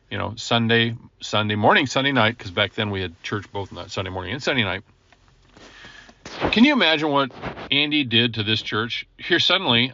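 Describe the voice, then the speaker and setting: A man, a ministry coach, tells the story of his own conversion in an earnest, chatty teaching manner, often chuckling and making asides to the listener. His voice sits at medium pitch and sounds pushed and bright, with lo-fi audio.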